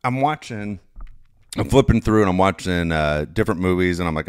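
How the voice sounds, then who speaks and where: A man's voice: low-pitched, expressive, fairly quick, clear, resonant tone. A middle-aged man telling rambling, self-mocking stories in a casual chat, swearing freely. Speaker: podcast co-host and father.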